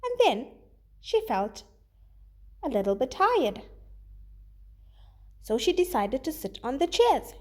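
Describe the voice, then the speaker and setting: Animated woman teacher reading a story. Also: high-pitched, takes it slowly, long pauses. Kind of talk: story reading lesson for students.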